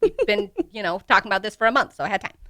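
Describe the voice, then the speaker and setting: A woman co-hosting a book podcast, her voice bright and animated with a lot of rise and fall. She is chatty and bubbly, chasing her thoughts as she goes. The sound is dry and close. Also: mid-range voice, no echo. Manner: bubbly, chatty, quick to laugh. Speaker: podcast co-host. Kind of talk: casual book discussion.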